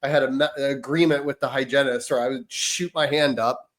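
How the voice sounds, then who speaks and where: A man co-hosting a parenting podcast who tells stories in a lively, animated way and often trails off into fillers. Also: mid-range voice, a little fast. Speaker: podcast co-host. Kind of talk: casual chat.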